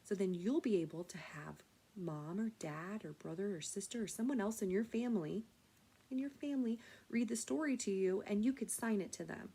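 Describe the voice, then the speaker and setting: A woman with a slightly husky, breathy voice teaches young children. She talks gently and patiently, explaining each step, at a middle pitch for a woman. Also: moderate pace. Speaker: sign language teacher. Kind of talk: children's lesson.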